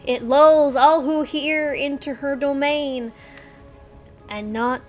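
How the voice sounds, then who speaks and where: A young woman streamer reading game dialogue aloud, swinging between loud outbursts and hushed storytelling. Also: high-pitched, fairly even intonation, takes it slowly, faint music behind.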